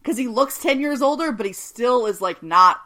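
Recapping a TV episode with her podcast co-host, a woman talks in a fairly high, expressive voice with a sharp tone and moderate pace. The chat is casual, with lots of laughter and frequent swearing.

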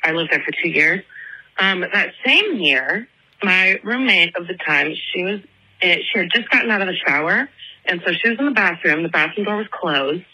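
A young woman in her twenties leaves a rambling voicemail, packed with "like" and fillers. Her voice sits low but bright with a husky edge. It comes through a phone line. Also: expressive, normal speed. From Atlanta. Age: 20s. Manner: chatty, filler-heavy, lots of "like". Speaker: listener calling in with a voicemail. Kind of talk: casual phone voicemail storytelling.

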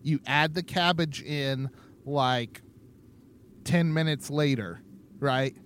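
A man's voice: a little high, slow pace, a bit bright, slight background noise. A tipsy man co-hosting a podcast, rambling in casual chat and laughing often. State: tipsy from drinking. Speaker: podcast co-host.

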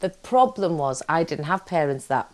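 A woman from Britain, an actor, giving an animated, expressive interview about her work and her upbringing. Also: sits low, moderate pace. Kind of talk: casual interview chat.

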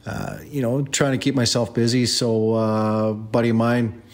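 A man sending a casual voice message, telling a story in a laid-back, halting way with lots of fillers. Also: mid-range voice, fairly even intonation, darkish tone. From Canada.

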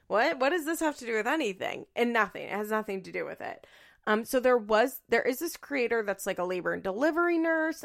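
A young woman chatting casually about social media, candid and swearing freely, with animated asides. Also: mid-range voice, gravelly. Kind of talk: casual chat.

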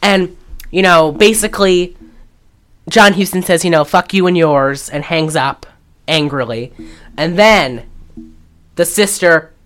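Lady podcast host going over a movie, slightly low voice, does little voices for the characters. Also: unhurried, pauses often. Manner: animated, acts out quoted lines while recapping. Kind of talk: casual movie recap chat.

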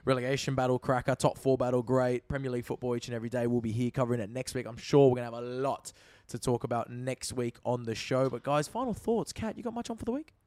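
Fast-talking football podcast host man. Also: medium pitch, a little mellow, no room sound. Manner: quick, enthusiastic, wraps up the show. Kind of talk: casual chat.

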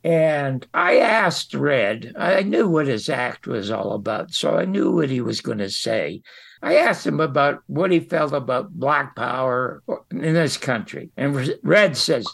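Gravelly older man telling showbiz stories. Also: a little high, measured pace. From United States. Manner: animated storyteller who acts out quotes. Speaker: guest storyteller. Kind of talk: anecdotal interview talk.

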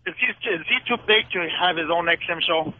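A man's voice: high-pitched, brisk, no room sound. A man calling in to a radio show, casual and eager. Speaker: caller. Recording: tinny phone line with faint noise.

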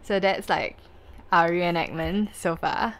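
A woman's voice: on the low side, takes it slowly. A Singaporean woman hosting a casual true-crime podcast, chatty and full of fillers. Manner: chatty, lots of likes and lah. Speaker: podcast host.

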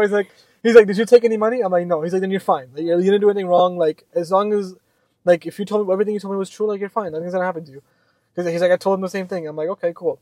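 A young man co-hosting a podcast, telling a story in a casual, animated way with lots of fillers and swearing. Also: sits high, racing. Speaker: podcast co-host.

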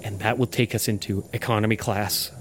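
A man's voice: on the low side, steady tone, a little fast. A man improvising a comedy sketch, playful and often dropping to a conspiratorial whisper. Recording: faint background noise.

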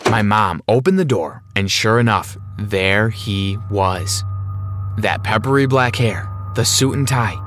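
A man's voice: on the low side, unhurried, a bit bright, faint music behind. Man reading a first-person story.

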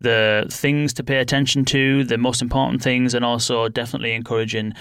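A man's voice: medium pitch, level tone, fairly quick, a bit bright, clear, resonant tone, no room sound. A man hosting a podcast, chatting easygoing and laughing often. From United Kingdom. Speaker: podcast host. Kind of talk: casual interview chat.

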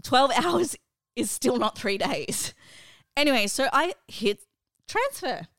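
A woman's voice: sits high, slow, no echo, studio quality. A woman, co-hosting a chatty podcast and telling a story with exasperated, swearing energy. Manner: animated, exasperated, swears, laughs often. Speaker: podcast co-host and mother. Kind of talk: casual chat, storytelling.

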